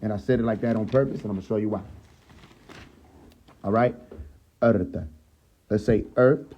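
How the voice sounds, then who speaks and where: A man with a mellow, slightly husky voice leads a casual scripture lesson on a live stream. He keeps checking in with his listeners and slows into rising emphasis whenever he reads a verse. The phone audio is a little dull and lo-fi. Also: fairly low pitch, fairly even intonation.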